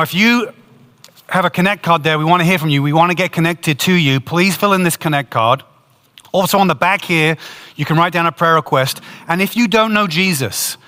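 A male pastor delivers a sermon with a bright, forceful tone and a slightly raised pitch. He tells his story in an earnest, animated way. His voice rings out with the long reverb of a church hall.

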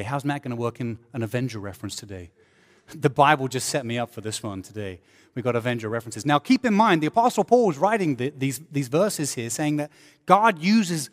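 A man preaching a sermon as pastor, animated, with joking asides and sarcasm. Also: a little high, long reverb tail.

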